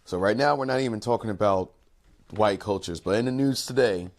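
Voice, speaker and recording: A man hosting an online talk show, speaking in an earnest, measured way with occasional pauses. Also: on the low side. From United States. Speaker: host. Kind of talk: casual commentary talk.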